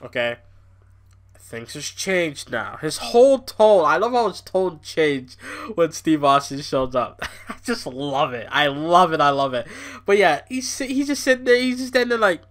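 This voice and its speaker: A man hosting a podcast who rants in a loose, rambling way, swearing often and leaning on "you know." His voice sits high and sounds bright and sharp. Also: moderate pace. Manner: rambling, profane, excitable, fillers like "you know". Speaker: podcast host. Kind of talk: casual ranting commentary.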